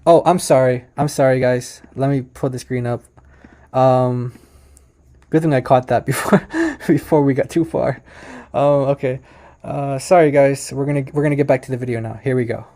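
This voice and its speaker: A man's voice: mid-range voice, steady tone, moderate pace, mellow. A man hosting a reaction video who talks casually over it and is emphatic when he corrects the claims in it.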